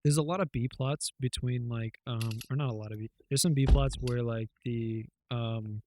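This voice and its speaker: A man's voice: mid-range voice, steady tone, normal speed, warm tone, a little hiss or hum. Rambling man in casual podcast chat. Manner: rambling, loose retelling full of fillers and swearing. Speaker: podcast co-host.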